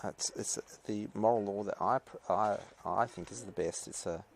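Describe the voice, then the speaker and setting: A male teacher reading aloud and commenting for a podcast lecture. His voice is low and gravelly with a creaky edge. He wanders into asides and fills his pauses with ums and uhs. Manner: rambling, hesitant, many fillers and asides.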